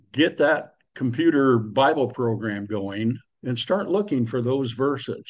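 Slow, folksy male preacher. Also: medium pitch, breathy edge. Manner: folksy, conversational, with slang and asides. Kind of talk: sermon.

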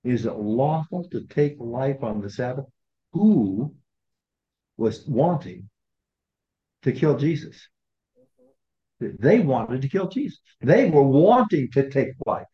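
Taking it slowly with long pauses, this man's mid-range voice swings widely in pitch. He is a Bible study leader teaching a small group from scripture in a conversational way, asking questions and acting out the quoted lines. The recording is dull and lo-fi.

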